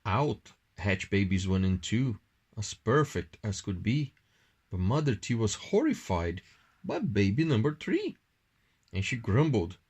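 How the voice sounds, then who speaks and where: Slow, husky man reading a bedtime story. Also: on the low side, sing-song, a little mellow. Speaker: parent reading to a child.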